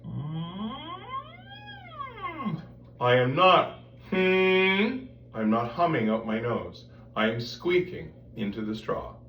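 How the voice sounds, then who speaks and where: A man's voice: mid-range voice, lively intonation, measured pace, dull audio, soft background music. Man teaching voice technique in a roomy space. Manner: explains step by step, breaks into sung and croaked demonstration sounds. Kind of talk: vocal technique lesson with demonstrations. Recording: roomy sound, mic at a distance, faint background noise.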